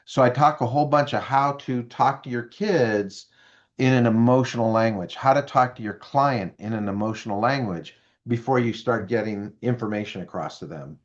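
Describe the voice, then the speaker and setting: A man's voice: medium pitch, normal speed, dull audio. A man in his fifties, a business speaker as interview guest, telling stories and acting out the voices of people he quotes. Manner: animated, acts out quoted voices. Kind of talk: interview storytelling.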